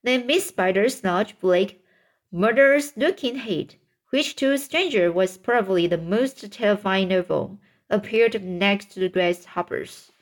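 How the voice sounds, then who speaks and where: A woman reading a children's book aloud, stumbling and restarting on words, lifting her voice for the characters' shouts. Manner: slow, halting read-aloud with stumbles and restarts; raises pitch for characters' shouted lines. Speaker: reader.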